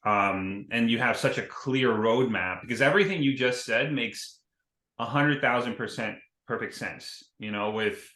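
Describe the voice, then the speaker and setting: A man hosting an interview, effusively praising his guest with halting restarts. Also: mid-range voice, bright, forceful tone. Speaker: interview host. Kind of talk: conversational interview. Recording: roomy echo.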